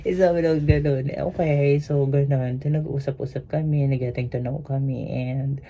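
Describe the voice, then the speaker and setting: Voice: mid-range voice, steady tone, normal speed. A speaker from the Philippines with a Filipino accent, a cruise ship crew member telling a story in a rambling, casual way full of fillers. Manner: rambling, mixes Tagalog and English, many fillers. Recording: dull lo-fi sound with faint hiss.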